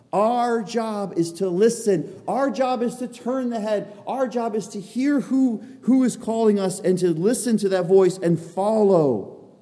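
A man's voice: high voice, warm tone. A man preaching an expository sermon, earnest and emphatic, driving points home by repeating them. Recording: long reverb of a large hall.

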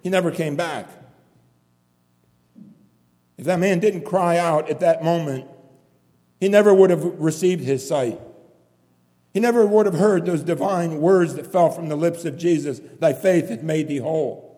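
A man's voice: on the high side, measured pace, long pauses, dark tone. A man preaching a sermon in a church, pleading and impassioned, repeating his phrases for emphasis. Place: church hall. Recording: long hall reverb.

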